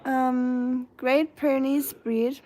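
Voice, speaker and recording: A woman's voice: high voice, flat delivery, takes it slowly, a little mellow. A young woman with a German accent, chatting casually on a live stream and answering viewers' comments, rambling with many fillers and restarts. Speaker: live streamer reading chat.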